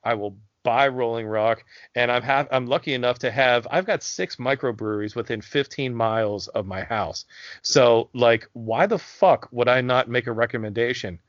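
A man from Pennsylvania co-hosts a loose, profane podcast chat. He rambles and restarts his sentences, leaning on fillers. His voice sits at an average pitch, and the recording is dry and a little dull. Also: moderate pace, no room sound. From south central Pennsylvania. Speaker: podcast co-host.

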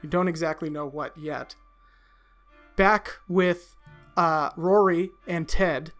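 A man runs a tabletop game and narrates in a loose, halting way, full of ums and uhs. Faint music plays underneath. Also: on the high side, fairly even intonation, fairly bright tone. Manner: casual, halting, with frequent fillers. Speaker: game master.

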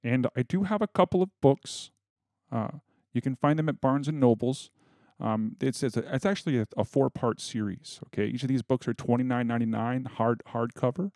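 Dude doing a mock self-help rant, crude and rambly, dry close mic. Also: male voice, medium pitch, a little fast, darkish tone, dry recording. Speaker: podcast host. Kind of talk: casual comedic chat.

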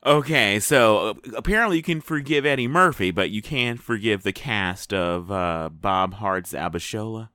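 A man's voice: lowish voice, expressive, normal speed, hardly any pauses, pushed and bright, smooth, dry recording, studio quality. A man co-hosting a casual TV review chat, rambling and hesitant with many fillers. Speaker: podcast co-host.

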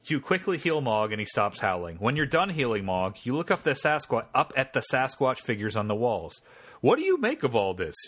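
A podcast host reads text-adventure game narration aloud, then chats and cracks jokes between passages. His medium-pitched voice swoops wildly, moves fairly quickly and sounds a bit bright.

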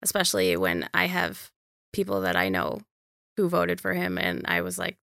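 A woman's voice: on the low side, big pitch swings, normal speed, vocal fry, fairly bright tone, no room sound, clean studio sound. A woman from Minnesota chatting frankly and emphatically on a podcast. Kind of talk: casual chat.

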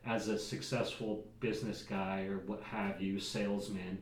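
A man with a lowish voice speaks candidly as a podcast guest, rambling and leaning on filler words. He sits back from the mic in an echoey room with a faint hiss underneath. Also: level tone, moderate pace, distant mic. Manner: rambling, fills speech with "like" and "right?". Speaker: guest, entrepreneur and father. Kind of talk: candid casual conversation.

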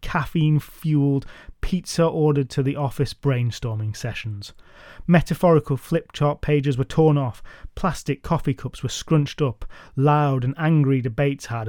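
A man's voice: mid-range voice, a little mellow, dry recording, studio quality. A man retelling an old myth for a podcast in a wry, conversational way, musing aloud to his listeners. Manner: wry, conversational, does character voices. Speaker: podcast storyteller.

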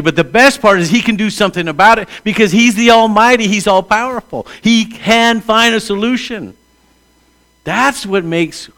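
Pastor in his sixties preaching conversationally. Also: high-pitched. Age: 60s. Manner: conversational storytelling, swings from hushed to emphatic. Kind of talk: sermon.

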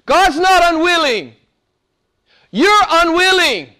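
High-pitched emphatic male preacher. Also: sing-song, slow. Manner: swings between loud emphatic peaks and hushed near-whispers; repeats phrases, asks the audience rhetorical questions. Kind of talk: sermon.

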